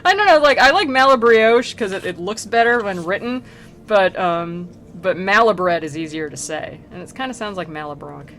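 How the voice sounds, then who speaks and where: A woman's voice: medium pitch, expressive, normal speed, fairly bright tone, slight background noise. A young woman streaming, chatting casually and comically about an old poem, giggling and slipping into silly character voices. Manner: bubbly, giggly, full of likes, acts out characters in silly voices. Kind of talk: casual comedic chat about a classic poem. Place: home streaming setup.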